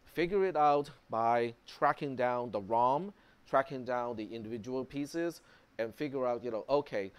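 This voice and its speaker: A man's voice: medium pitch, moderate pace, clean tone. A man lecturing a college computer class in a casual, conversational way, full of fillers and checks like "okay?". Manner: conversational, many fillers and tag questions. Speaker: college instructor.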